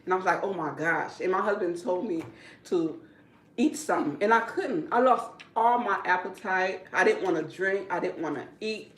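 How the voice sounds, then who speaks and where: A woman who works as a hairdresser, telling a story in casual talk, animated and repetitive, often breaking into laughter. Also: medium pitch, normal speed, slight background noise. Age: adult. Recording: roomy, from a distance.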